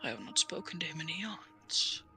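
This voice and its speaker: A woman voicing a senile ancient male dragon made of bones, guarding a bridge, in a slow, breathy, questioning voice. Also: low voice, animated, sharp tone, faint music behind, voice pushed down, heavily acted. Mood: curious.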